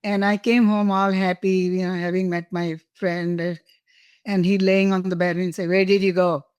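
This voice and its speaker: A woman's voice: lowish voice, little pitch movement, normal speed, clear, resonant tone, no echo. An older woman from India, a guest telling personal stories in an interview, laughing and emotional at times. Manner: warm, laughing, emotional storytelling.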